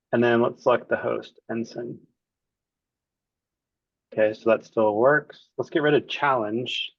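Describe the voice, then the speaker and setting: A man acting as the client, casually walking through a software demo and thinking aloud as he clicks around. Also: medium pitch, dry recording, highs cut off.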